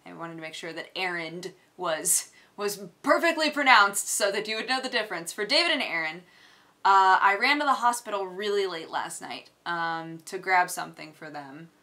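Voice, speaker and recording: A young woman hosting a casual daily vlog, telling a story in a lively, exasperated way. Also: on the low side, moderate pace. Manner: gets loud and exasperated retelling a rant. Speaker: vlog host.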